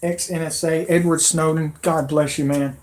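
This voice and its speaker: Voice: medium pitch, fairly even intonation, unhurried, darkish tone. A livestream host giving an agitated, emotional, rambling rant into a computer microphone. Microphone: computer mic.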